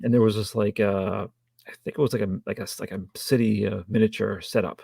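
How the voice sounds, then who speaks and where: A man co-hosting a podcast, chatting casually about a film with dry, wry humor and frequent halting restarts. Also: on the low side, steady tone, creaky, dark tone, breathy edge, no echo. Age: adult with a child. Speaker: podcast co-host. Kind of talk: casual film review chat.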